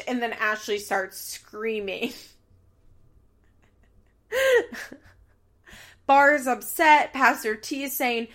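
A woman hosting a podcast, recapping a reality show in casual, animated chat with laughs and swearing. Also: fairly high pitch, takes it slowly, pauses often.

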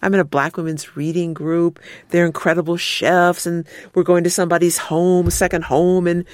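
Telling stories at a normal speed, this civil rights attorney is a guest in a frank, chatty interview. She performs the quotes she recounts with dramatic pitch leaps, and the recording is dry and studio quality.

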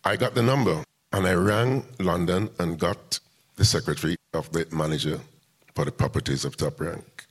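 An older man with a very low, deep voice talks as an interview guest. He tells a long story step by step and acts out what people said along the way. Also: moderate pace, slightly rough. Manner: recounts events step by step, acting out quoted dialogue. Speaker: music promoter and interview guest.

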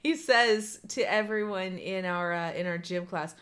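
A woman's voice: on the low side, moderate pace, fairly bright tone. A woman telling a story in a casual chat, candid and laughing as she talks, swearing freely.

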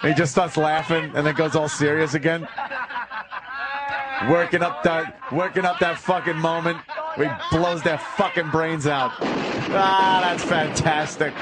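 A man's voice: a little high, fairly even intonation, measured pace, very noisy. A man co-hosting a podcast, chatting casually and profanely while watching a film, laughing often. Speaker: podcast co-host. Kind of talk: casual chat watching a movie.

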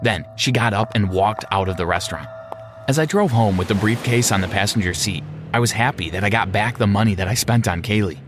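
A man narrating a first-person story in a steady, measured way. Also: on the low side. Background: background music.

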